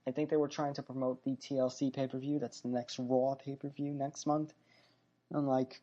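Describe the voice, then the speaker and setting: Man, podcast host, casual rambling recap, mellow tone, dull lo-fi recording. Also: medium pitch, little pitch movement, a little fast. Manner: rambling, filler-heavy, self-correcting. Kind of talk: solo wrestling and fight recap chat.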